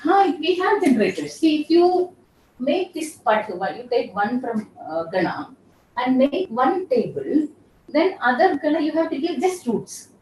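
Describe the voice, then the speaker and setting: A woman's voice: high voice, sing-song, a little slow, a little mellow. A woman professor, giving a classroom lecture and patiently repeating terms as she explains. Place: lecture room. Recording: echoey room, voice from far off.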